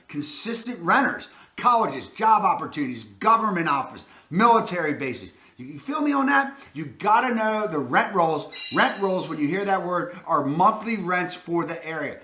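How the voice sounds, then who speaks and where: A man's voice: high-pitched, pushed and bright, reverberant. Hyped Baltimore man giving tips. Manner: emphatic and hyped, with catchphrases. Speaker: real estate agent host. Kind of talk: energetic advice talk to camera.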